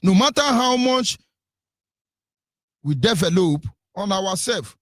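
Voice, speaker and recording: A fiery Nigerian-accented man delivering a radio rant, mocking and scolding by turns. His voice sits high and swings widely, with a bright, forceful edge and a dry, close sound. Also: lively intonation, takes it slowly, no room sound. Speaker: radio commentator. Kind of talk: impassioned political commentary.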